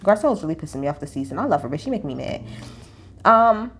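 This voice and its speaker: A woman's voice: low voice, big pitch swings, quick pace, husky. A woman giving a casual recap of a reality show, blunt, profane and full of opinions, talking straight to her viewers.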